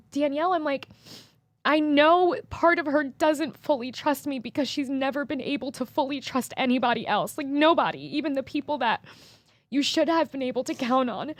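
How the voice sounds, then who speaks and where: A woman's voice: high-pitched, no echo. A young woman talking candidly and earnestly on a podcast, swearing freely and getting emotional. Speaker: employee and co-host.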